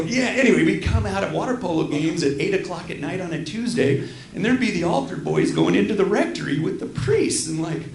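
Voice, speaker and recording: Gravelly man doing rambling stand-up. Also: on the high side. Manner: self-deprecating, rambling with apologetic asides. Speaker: stand-up comedian. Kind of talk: stand-up comedy set. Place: small theater stage. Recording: roomy live theater sound.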